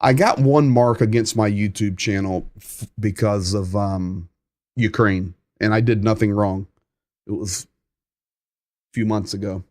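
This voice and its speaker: A man with a Southern American accent hosting a live-stream news update, talking conversationally, reading viewer comments and often pausing with "um.". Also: lowish voice, steady tone, darkish tone, no echo, studio quality. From United States.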